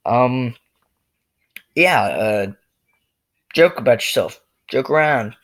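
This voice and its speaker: A man's voice: medium pitch, lively intonation, slow, a bit bright. Rambling jokey male vlogger. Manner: loose and jokey, lots of fillers. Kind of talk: rambling monologue rant.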